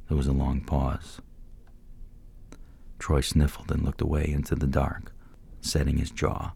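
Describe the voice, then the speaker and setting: A man narrating a story in a steady, measured reading voice. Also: very deep voice, creaky, husky. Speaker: audiobook narrator. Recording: dry close-mic recording.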